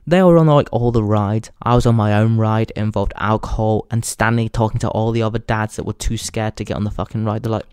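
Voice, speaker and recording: A man's voice: lowish voice, fairly even intonation, a little fast, few pauses, darkish tone, clean tone, dry recording, studio quality. A young English man hosting a podcast, talking in a crude, rambling comic monologue and laughing at his own jokes. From England. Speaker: podcast host. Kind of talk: casual comedic monologue.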